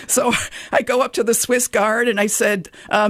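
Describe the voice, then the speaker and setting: A woman guest telling a personal story on a talk show, animated and quoting herself often. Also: mid-range voice, a little fast, no echo. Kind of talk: casual anecdote on talk radio.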